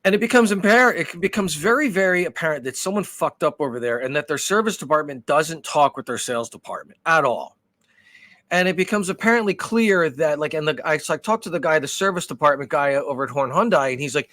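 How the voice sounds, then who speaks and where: Animated, profane man telling a story. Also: on the high side, fast, dry recording. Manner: animated, profane, rambling with restarts. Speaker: podcast co-host. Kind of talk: casual storytelling.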